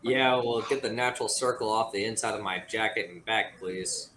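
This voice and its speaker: A man's voice: on the low side, moderate pace, very noisy. A man playing a tabletop game, talking casually in character with a dry, joking manner. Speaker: player.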